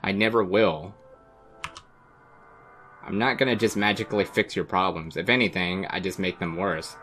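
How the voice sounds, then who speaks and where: A man's voice: deep voice, steady tone, normal speed, a bit bright, soft background music. A man voicing a cruel, contemptuous young woman on a blind date, reading game dialogue aloud in a cold, relentless way. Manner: cold, cutting, relentless insults.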